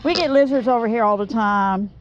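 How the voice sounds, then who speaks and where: Speaking a little fast in a voice on the high side, a woman chats and rambles to her viewers while woodturning in an outdoor workshop, even shooing off a bee. The audio is dull with a bit of hiss or hum.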